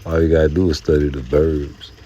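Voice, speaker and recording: Brief: low, mellow-voiced man, loose profane rant, faint hiss behind. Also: level tone, brisk, dull audio. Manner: profane, rambling, slips into mocking put-on voices. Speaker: boxing commentator. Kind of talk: casual rant to camera.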